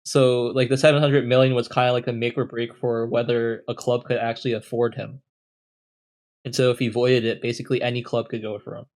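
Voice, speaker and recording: A man's voice: medium pitch, level tone, brisk, a little mellow. A young man co-hosting a podcast, explaining things at length in a rambling, casual way with many fillers. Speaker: podcast co-host. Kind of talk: casual chat.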